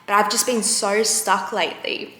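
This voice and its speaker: A young woman vlogging about her recovery, talking candidly and earnestly, often trailing off into quiet. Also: mid-range voice, fairly even intonation, moderate pace. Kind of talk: candid personal talk to camera. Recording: roomy echo.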